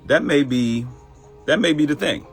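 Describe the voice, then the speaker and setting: A man's voice: on the high side, normal speed, soft background music. A man hosting a live morning talk stream, speaking in a motivational way, repeating phrases and laughing at his own jokes. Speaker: host of a live morning show.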